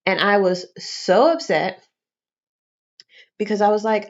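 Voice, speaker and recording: Young woman vlogger, chatty and expressive, casual swearing, slightly dull home recording. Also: mid-range voice, slow pace, long pauses. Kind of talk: casual storytelling to camera.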